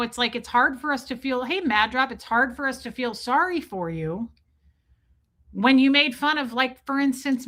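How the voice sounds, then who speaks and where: A woman hosting a livestream, talking fast and emphatically, repeating herself and breaking off to thank viewers in the chat. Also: on the high side, sharp tone. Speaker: livestream host. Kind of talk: casual livestream commentary.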